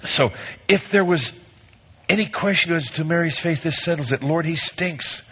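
A man preaching a sermon, reading scripture aloud and stressing key phrases with lively emphasis. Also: fairly high pitch, moderate pace, breathy edge, muffled recording. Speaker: pastor.

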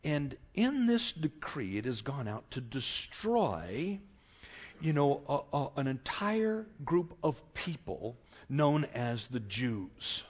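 A male preacher voicing a young queen who speaks softly and haltingly, full of hesitations. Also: mid-range voice, big pitch swings, husky, voice pushed down. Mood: hesitant.

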